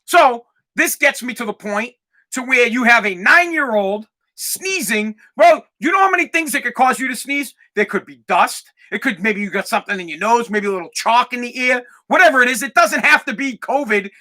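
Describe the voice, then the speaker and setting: A man hosting a podcast, telling a comic story as an animated rant, swearing and acting out other people's voices. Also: very high voice, normal speed. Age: adult parent of a twelve-year-old. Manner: animated, acts out voices, swears, gets loud when ranting. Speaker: podcast host.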